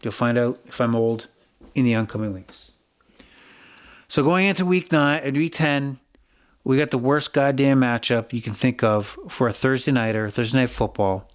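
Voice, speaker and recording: A middle-aged man hosts his own sports betting podcast in a blunt, opinionated way, swearing freely and wandering off on tangents. His voice sits at an ordinary pitch for a man. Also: normal speed. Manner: blunt, profane, rambling and opinionated. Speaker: podcast host.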